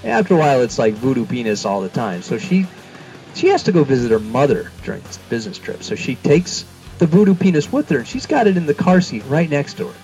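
A man's voice: on the high side, fast, faint music behind, rough recording. A man co-hosting a casual talk podcast, telling a long joke and jumping into little character voices. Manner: animated storyteller, jumps into character voices. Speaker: podcast co-host.

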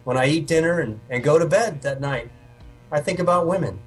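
A man's voice: fairly high pitch, brisk, slightly rough, faint music behind. A man co-hosting a podcast, telling a long crude joke in casual chat and laughing through the banter. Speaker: podcast co-host.

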